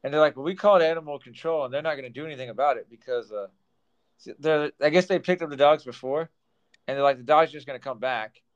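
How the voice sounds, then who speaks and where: Guy teacher chatting on a podcast, tells stories, laughs a lot, kinda higher voice. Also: quick pace, clean tone, highs cut off. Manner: chatty storyteller, laughs often. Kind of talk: casual chat.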